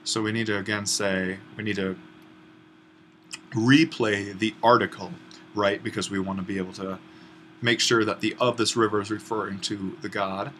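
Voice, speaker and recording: A Greek instructor with a fairly low voice patiently explains a grammar exercise in an online lesson, thinking aloud with frequent stops, restarts, and small "uh"s. His tone is steady and fairly bright, and he talks at a normal speed. A faint room hum lies beneath his voice.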